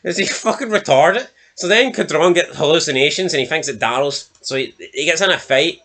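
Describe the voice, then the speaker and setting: A man's voice: a little high, animated, fairly quick, pushed and bright. A Scottish man giving a blunt, sweary, mocking TV review in casual chat. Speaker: show reviewer.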